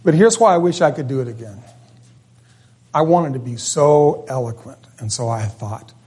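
A middle-aged man preaches a sermon through stories, loose, conversational and often animated, regularly correcting himself. His voice is medium-pitched and slightly rough, at a normal speed.

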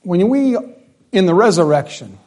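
Emphatic male preacher, slightly high voice. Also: big pitch swings, normal speed. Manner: emphatic preaching, repeats phrases, swings from loud to hushed. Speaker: pastor. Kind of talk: sermon.

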